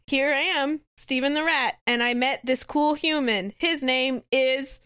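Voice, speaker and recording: Giggly high-voiced woman, slow and rambling. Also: sharp tone, no room sound, clean studio sound. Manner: giggly, rambling, keeps laughing at herself. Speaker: podcast co-host. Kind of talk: casual comedic chat.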